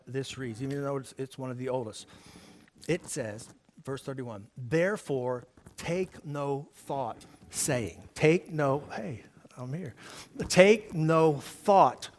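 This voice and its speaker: A man's voice: a little high, a little mellow. Conversational male pastor preaching. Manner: conversational, asks the congregation questions. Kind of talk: sermon. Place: church service before a congregation.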